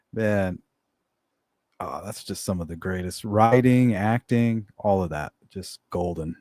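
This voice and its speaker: A man's voice: sits low, normal speed, hardly any pauses, darkish tone, dry recording. A middle-aged man hosting a casual live chat, blunt and profane, laughing often as he reads comments. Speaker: livestream host reading chat.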